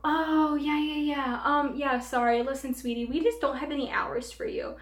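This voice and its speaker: A woman's voice: sits high, steady tone, normal speed, natural voice. A woman imitating a curt middle-aged female store manager who talks in a dismissive, brushing-off way. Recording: roomy room echo.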